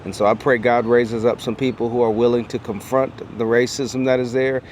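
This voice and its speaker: A man's voice: medium pitch, little pitch movement, brisk, a little mellow, slight background noise. A middle-aged man, an educator, telling a personal story to camera in an earnest voice that builds through strings of repeated phrases like a preacher. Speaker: educator and speaker.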